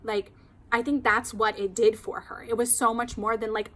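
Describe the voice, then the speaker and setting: Woman hairstylist, higher voice, chatty and animated, casual storytelling. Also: moderate pace. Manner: chatty, animated, heavy use of "like".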